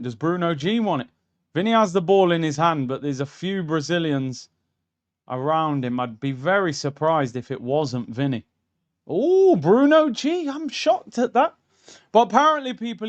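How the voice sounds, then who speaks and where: A young man hosting a live football watchalong, reacting bluntly and excitedly to the match. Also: on the high side.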